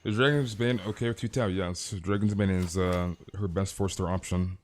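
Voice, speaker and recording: A young man chats with his live viewers while playing, easygoing and a bit rambling. His voice sits low and relaxed. Quiet music runs in the background. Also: normal speed. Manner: laid-back, chuckling, talks to chat, says "dude" a lot. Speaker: gaming streamer. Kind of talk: casual livestream chat.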